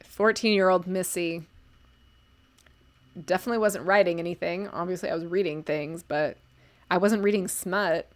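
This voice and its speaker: A woman's voice: lowish voice, steady tone, normal speed, long pauses. An American woman in her thirties, chatting casually on a live stream as she reviews stories and answers chat, with lots of ums. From United States.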